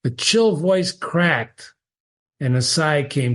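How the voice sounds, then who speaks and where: Unhurried male literature reader mixing narration with reflective commentary. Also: a little high, expressive, fairly bright tone. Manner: musing, thoughtful asides. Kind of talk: reading aloud with literary analysis.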